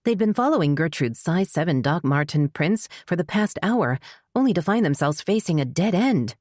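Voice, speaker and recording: A woman with a low voice narrates an audiobook in a steady, measured way. The recording is dry and close, with no room sound. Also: dry recording. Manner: measured storytelling. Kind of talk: scripted narration.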